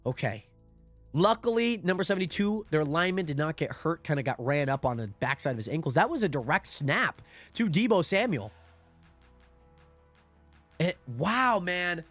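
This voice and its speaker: A young man whose voice sits slightly higher than usual hosts a football watch party stream, talking through the plays casually and then yelling excitedly at big moments. His pace is normal with long pauses, faint music plays in the background, and there is no room sound.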